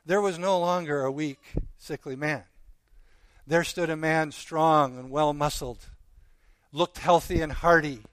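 A man preaching, telling a parable with earnest, slow dramatic pauses. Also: on the high side, a bit bright, no echo. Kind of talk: sermon storytelling.

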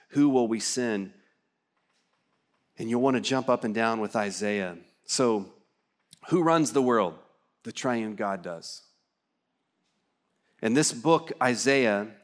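A Texas pastor at an ordinary middle pitch preaches a livestreamed church sermon. His style is earnest and conversational, and he often turns to the congregation with questions.

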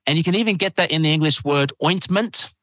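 A man, an evangelist and minister, preaching warmly and explaining a word as a podcast guest. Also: on the high side, fast talker, no echo. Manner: fervent, builds rhetorical questions.

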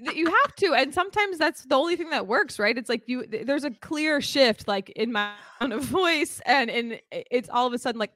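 Lively woman chatting on a podcast. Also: high-pitched, a little fast, hardly any pauses, no echo, clean studio sound. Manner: animated, laughing, acts out quoted voices. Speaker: teacher. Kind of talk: casual podcast chat.

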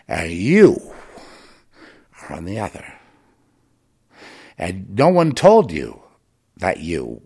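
A low-voiced man with a gravelly, creaky edge talks straight to the listener in a rambling monologue. His pitch leaps and dips widely as he goes from low muttering to loud, emphatic ranting, tripping over repeated words and restarts.

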